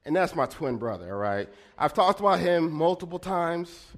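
A man's voice: fairly high pitch, big pitch swings, normal speed. A young man doing stand-up, telling a story to the audience in a chatty way and often checking in with "all right?". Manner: acts out a brother's angry lines with sudden loud bursts. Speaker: stand-up comedian.

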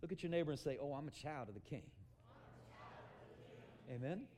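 Animated preacher man shouting for emphasis. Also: on the high side, moderate pace. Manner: calls for amen often. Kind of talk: sermon.

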